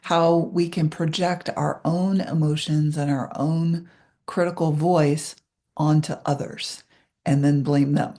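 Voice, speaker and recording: A woman in her sixties who leads meditations, talking candidly and with self-deprecating humor before easing into a soft, hushed guided meditation. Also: sits low, fairly even intonation, takes it slowly. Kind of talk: casual talk leading into a guided meditation.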